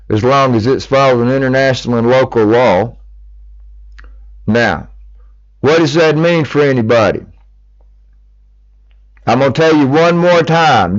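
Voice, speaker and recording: A man's voice: mid-range voice, dry recording. Angry profane middle-aged man. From United States. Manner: heated, profane, ranting. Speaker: speaker making a public appeal. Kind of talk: angry monologue. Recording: dull lo-fi recording.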